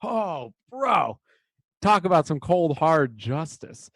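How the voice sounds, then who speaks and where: A man's voice: on the high side, big pitch swings, takes it slowly, fairly bright tone, no echo. Young man, podcast co-host, loose rambling storyteller, dry close sound. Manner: rambling storyteller, acts out movie lines. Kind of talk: casual chat.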